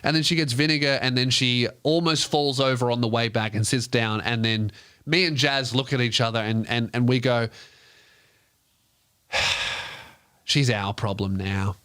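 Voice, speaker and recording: A man's voice: medium pitch, fairly even intonation, normal speed, sharp tone, clean tone. A man, hosting a comedy podcast and telling a loose, profane anecdote. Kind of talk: comedic storytelling.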